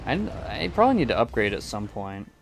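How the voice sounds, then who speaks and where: A man's voice: on the low side, big pitch swings, brisk, gravelly. A man chatting casually while he plays a game, rambling and hesitant, often restarting his sentences. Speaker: gaming video creator. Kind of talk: casual chat while playing.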